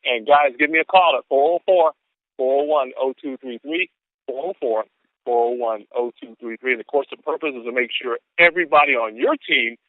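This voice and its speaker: A man on a conference call, hyping an upcoming event in an excitable, whooping sales manner. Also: medium pitch, a little fast, no echo. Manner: excitable, whooping, preacher-like hype. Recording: phone line.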